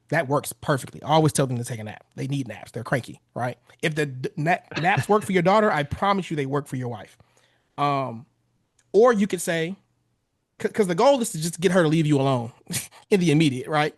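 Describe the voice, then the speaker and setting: A man's voice: on the high side, lively intonation, fairly quick, no room sound, clean studio sound. A man in his thirties, a relationship coach giving blunt, casual advice on a podcast and swearing freely. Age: 30s.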